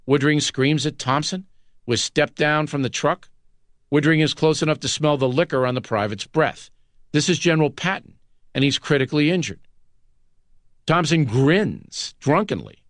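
A man narrating a nonfiction audiobook in a measured, dramatic scripted read. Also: mid-range voice, fairly bright tone, dry recording.

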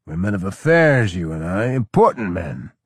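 A man's voice: lowish voice, sing-song, unhurried, breathy edge, dry recording, clean studio sound, pitched above the performer's own voice, heavily acted. A man voicing a drunken, bellowing Roman general. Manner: slurring, bellowing, crude. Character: drunken boorish male Roman general, leering.

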